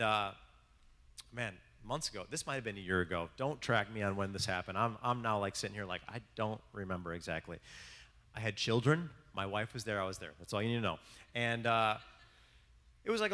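Male pastor, loose joking sermon style, bright forceful tone, long echoing hall. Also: lowish voice. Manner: rambling, self-mocking storytelling with many restarts. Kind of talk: conversational sermon.

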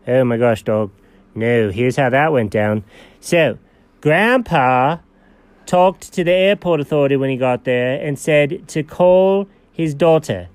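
A man's voice: medium pitch, a little slow, clean tone, no echo. A man co-hosting an improvised comedy show, rambling playfully with theatrical gasps. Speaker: comedy co-host.

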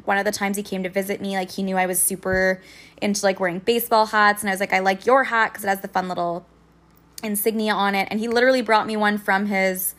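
A woman's voice: mid-range voice, fairly bright tone. A young woman telling a personal story in a casual vlog, swearing freely and sounding indignant as she recounts it.

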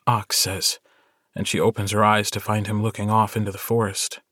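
A man narrating a short story audiobook in a measured, intimate storytelling manner. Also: fairly low pitch, little pitch movement, a bit bright, no room sound, studio quality. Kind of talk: scripted narration.

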